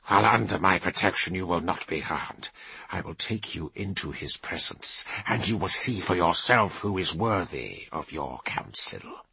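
A man voicing a stern, commanding male warrior priest who speaks low, slow and quietly. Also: lively intonation, husky, no echo, heavily acted. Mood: grim.

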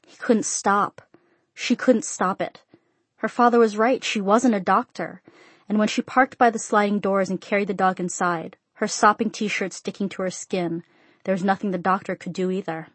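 A woman reads a literary story aloud in a steady, measured voice of middling pitch. Her tone is soft and breathy, and the recording is dry and close with no room sound. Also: dry recording. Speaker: narrator. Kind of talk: audiobook narration.

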